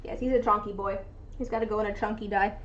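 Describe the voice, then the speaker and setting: A woman's voice: medium pitch, steady tone, quick pace, highs cut off, slight background noise. A young woman chatting casually on a live stream while she works on a craft, rambling with lots of fillers and restarts. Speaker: resin dice maker streaming her craft.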